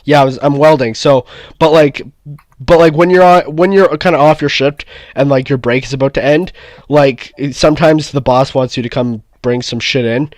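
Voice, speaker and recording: A man's voice: medium pitch, normal speed, dry recording, clean studio sound. A man in casual chat, telling a story with a lot of cursing and heat. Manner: profane, heated storytelling.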